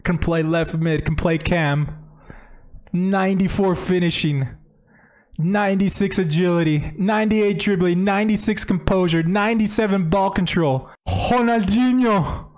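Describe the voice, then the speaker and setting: A man's voice: high-pitched, steady tone, normal speed, darkish tone. A man streaming a video game live, talking casually and enthusiastically to his chat from home. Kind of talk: live gameplay commentary.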